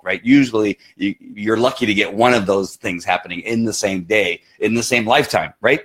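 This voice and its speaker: A man vlogging, telling a personal story in a rambling casual way with many asides. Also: lowish voice. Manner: rambling, with frequent restarts and asides.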